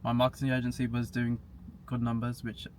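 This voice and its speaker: A man's voice: mid-range voice, completely flat delivery, fairly quick. A young man chatting casually as a podcast guest, matter-of-fact and laughing at himself now and then. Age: young adult. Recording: faint background hiss.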